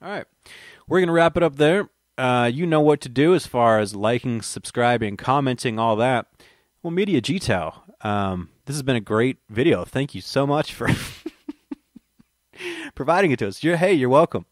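A man's voice: medium pitch, sing-song, normal speed, dry recording. A man hosts a reading of a book on his own channel, then drifts into joking, rambling chatter with himself. His voice sits in a middle register and sounds dry and close. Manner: rambling, joking self-banter. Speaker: channel host reading an audiobook. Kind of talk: audiobook reading with casual chat.

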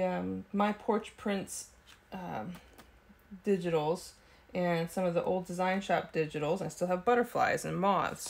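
A woman's voice: fairly low pitch, creaky. A woman hosting a casual craft video, chatting and thinking aloud as she works at her desk. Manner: talks with frequent ums and small laughs. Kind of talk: casual craft tutorial chat.

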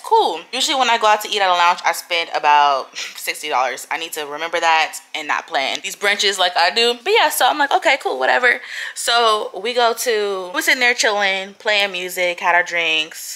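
A woman vlogger chatting casually at home on her couch, telling a story in an animated, ranting way. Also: mid-range voice. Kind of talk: casual chat.

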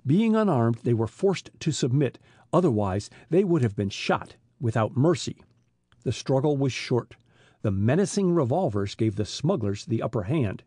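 A man narrating an adventure audiobook in an expressive reading style. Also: medium pitch, normal speed, slightly rough, no room sound, clean studio sound. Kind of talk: scripted narration.

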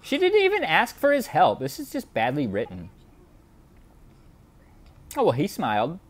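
A man giving satirical reaction commentary on a video clip. He sounds mock-outraged and sarcastic, and his pitch swoops up and down. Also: wildly swooping pitch, moderate pace. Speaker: YouTube commentator.

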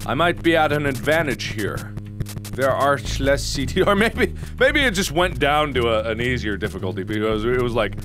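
Panicky, yelling game-commentary man. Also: medium pitch, moderate pace, music in the background. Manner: excitable, panicky, often yelling; self-mocking, talks to himself. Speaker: let's-play host.

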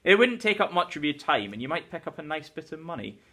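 A teacher putting on a smooth, eager wealthy gentleman from the 1920s, his voice lifted noticeably higher than plain speech. He fumbles and coaxes, circling around what he wants to say, as the novel is read aloud in class. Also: sing-song, quick pace, full character voice. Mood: coaxing. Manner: hesitant, coaxing, says 'old sport'. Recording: teacher's recorded lesson video.

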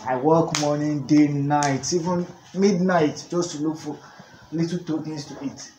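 A man's voice: on the high side, fairly even intonation, measured pace, warm tone, slight background noise, natural voice. A man playing a despairing husband, echoey. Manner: pleading, despairing. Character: hardworking husband, young adult man, despairing. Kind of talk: low-budget movie acting.

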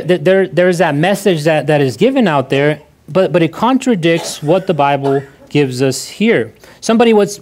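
Man, pastor, sermon in church, conversational, repeats key lines, restarts sentences, higher-pitched voice.

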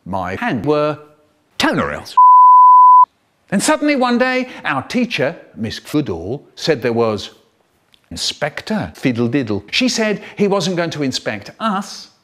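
Animated man telling comic stories. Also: a little high, slow pace. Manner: expressive, animated, swooping delivery. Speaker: storyteller. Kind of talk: comic storytelling, spliced edit.

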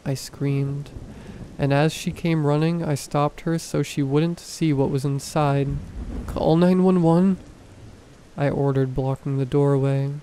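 A man reading horror stories aloud in a calm, even scripted narration. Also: medium pitch, unhurried, a little hiss or hum, rough recording.

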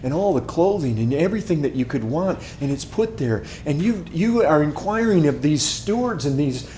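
A male pastor preaching a sermon and telling a vivid story, swinging from loud to hushed. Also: a little high, lively intonation, normal speed, roomy sound, slight background noise. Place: church sanctuary.

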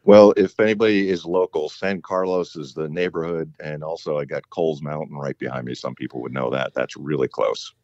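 A man's voice: very deep voice, fairly even intonation, brisk, few pauses, a little mellow, dry recording, lo-fi sound. A man speaking as a podcast guest in casual chat, easygoing and wry.

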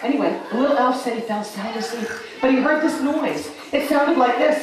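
A woman telling a fairy tale to children at a party, animated and coaxing, getting the children to join in. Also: high-pitched, brisk, noisy background. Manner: animated, coaxing, sing-song. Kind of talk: interactive storytelling for children. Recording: echoey room, mic far off.

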